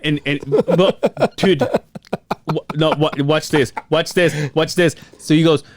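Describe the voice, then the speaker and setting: A man's voice: on the high side, steady tone, slow pace, no echo. A man in his thirties, a podcast co-host, telling a profane story in casual chat and acting out the quotes. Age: 30s.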